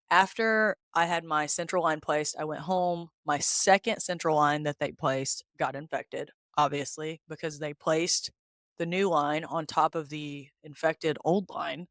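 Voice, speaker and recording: A woman hosting a podcast, candidly retelling her own story in a casual, animated way and acting out the quoted dialogue. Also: sits low, no echo, studio quality. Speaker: podcast host. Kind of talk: personal storytelling.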